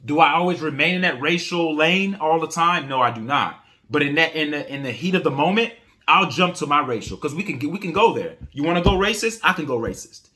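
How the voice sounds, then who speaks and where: A man's voice: on the high side, a little fast, pushed and bright. A man hosting a commentary channel, giving his opinion in a casual, outspoken way and answering chat comments.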